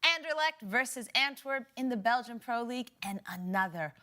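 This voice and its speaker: A woman hosting a sports talk show, presenting match listings and questions in a quick, upbeat way. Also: a little high, expressive, pushed and bright. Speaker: host.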